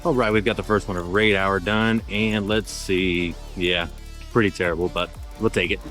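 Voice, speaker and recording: Upbeat low-voiced man narrating gameplay. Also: fairly even intonation, moderate pace, a bit bright, faint music behind. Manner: upbeat, chatty play-by-play. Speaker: game channel host. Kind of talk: casual gameplay commentary.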